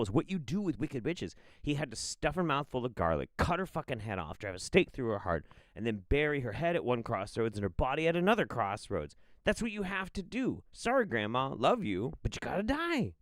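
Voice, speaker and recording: Lively, incredulous man, dry sound. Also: medium pitch, no room sound. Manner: profane, incredulous, animated outbursts. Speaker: streamer reacting to clips. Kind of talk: commentary on played clips.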